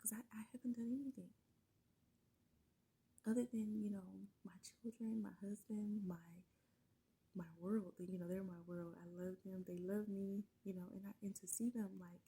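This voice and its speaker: Woman, middle-aged, gravelly, husky and breathy, dark mellow tone, halting with many fillers, near tears. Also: mid-range voice, fairly even intonation, poor audio. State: emotional, close to tears. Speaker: vlogger sharing her story. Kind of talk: casual personal storytelling.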